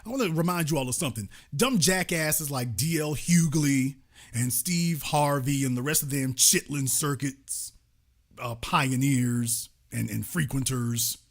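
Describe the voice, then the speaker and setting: A man hosting a live commentary show, ranting in a sarcastic, mocking, profane way, with fast bursts and slow, drawn-out emphasis. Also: mid-range voice, animated. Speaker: political commentary host.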